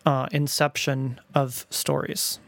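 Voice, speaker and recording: A middle-aged man reading his own family stories aloud in a wry, gently playful way, recorded close to the mic. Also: medium pitch, level tone, slow, gravelly, dry recording. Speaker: storyteller, father.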